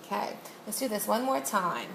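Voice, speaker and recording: A woman's voice: mid-range voice, very animated, moderate pace, vocal fry. A woman reading teacher giving one-on-one literacy instruction, guiding a student with patient, step-by-step questions. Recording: roomy echo, faint background noise.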